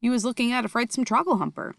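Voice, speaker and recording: An excitable, gentle male giant from a storybook, tumbling over jumbled, ungrammatical words, as a woman reads him aloud. His voice carries a gravelly edge, heard dry and close. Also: a little high, very fast, no room sound, pitched above the performer's own voice. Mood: explaining.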